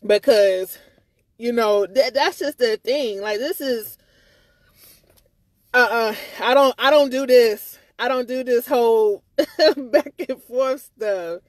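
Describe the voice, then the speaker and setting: A livestreamer with a somewhat high voice talks slowly through a casual, agitated rant, rambling and repeating herself. She swears freely and stammers when she restarts, and there's no room sound.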